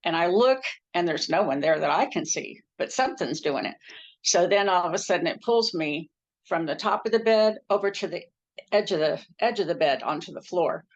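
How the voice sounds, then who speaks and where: A woman telling her own near-death story in an earnest, casual way, jumping up in pitch when she acts out what people said. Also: lively intonation, normal speed. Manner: earnest, acts out quoted speech with pitch jumps. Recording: dull lo-fi recording.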